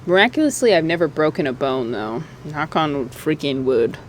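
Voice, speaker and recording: A woman's voice: low voice, sing-song, moderate pace, a little hiss or hum. A woman chatting casually in her own gardening vlog, giggly and easily moved, laughing often. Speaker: gardening vlogger. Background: music.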